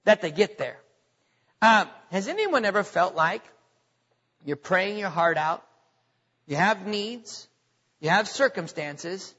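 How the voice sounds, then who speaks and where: A man preaching a sermon as pastor, asking the congregation questions and drawing out key words slowly. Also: sits high, pushed and bright. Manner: preaching with call-and-response questions. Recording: dull lo-fi audio with long reverb.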